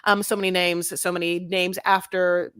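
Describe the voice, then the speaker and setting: A young woman co-hosts a podcast in chatty, rambling talk full of fillers. Her voice sits low for a woman. The recording is dry and close. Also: flat delivery, moderate pace, fairly bright tone, smooth, no echo. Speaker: podcast co-host. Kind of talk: casual recap chat and sign-off.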